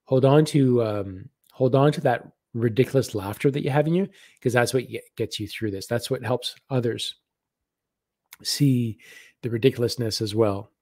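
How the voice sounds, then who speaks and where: A man giving live spiritual readings on a stream, talking gently and haltingly and repeating words as messages come to him. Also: medium pitch, dry recording.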